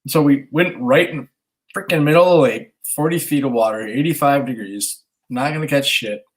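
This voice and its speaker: Brief: man in his thirties, animated storyteller, casual swearing, acts out the dialogue. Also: mid-range voice, moderate pace. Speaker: podcast co-host, stay-at-home dad.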